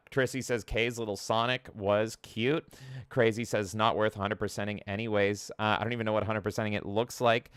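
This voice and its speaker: A man's voice: on the low side, flat delivery, brisk, clear, resonant tone, no room sound, studio quality. A man co-hosting a gaming podcast in casual chat, jokingly reading out live chat comments. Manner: chatty, jokey, reads chat comments aloud. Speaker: podcast co-host.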